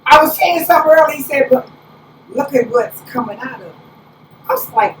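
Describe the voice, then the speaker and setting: High-voiced woman preaching from afar. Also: a little slow, pauses often. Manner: animated storytelling, preacherly exclamations. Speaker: apostle preaching. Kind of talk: conversational sermon. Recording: roomy, distant, faint background hiss.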